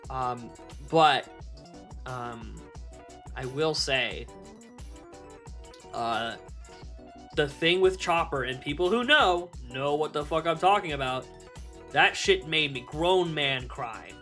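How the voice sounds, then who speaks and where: A young male streamer talks casually to his chat in a bright, forceful voice, animated and quick to laugh and swear. Faint music plays underneath. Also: fairly high pitch.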